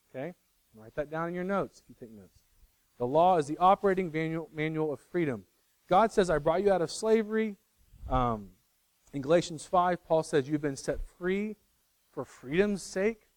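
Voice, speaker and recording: A man's voice: on the high side, lively intonation, moderate pace, dry recording, poor audio. Man preaching a conversational sermon. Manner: conversational, self-correcting, teases the congregation.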